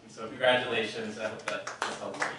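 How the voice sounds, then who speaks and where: A man's voice: on the low side, flat delivery, quick pace, heavy background noise. Man, twenties, casual toast, stammering starts, echoey, distant. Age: 20s. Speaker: party guest giving a toast. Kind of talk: casual speech. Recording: echoey room from far off.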